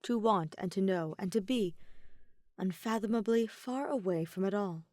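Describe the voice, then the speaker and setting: A woman's voice: mid-range voice, moderate pace, darkish tone, no room sound. Woman narrating a story, dry sound. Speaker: podfic reader. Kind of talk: audiobook narration.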